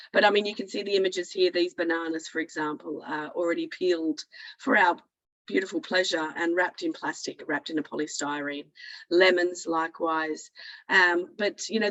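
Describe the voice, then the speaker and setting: A woman with an Australian accent, hoarse from illness, giving a chatty presentation over a video call. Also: low voice, fairly bright tone, dry recording, muffled recording. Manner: chatty, with many fillers. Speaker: guest speaker, program director. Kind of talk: presentation to an online audience.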